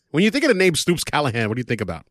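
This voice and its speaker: Guy hosting a podcast, talks fast, rambles and restarts a lot, dry sound. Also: a little high, huge pitch swings, fairly bright tone, dry recording. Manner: rambling, lots of fillers and restarts, playful impressions. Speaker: podcast host. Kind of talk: casual chat.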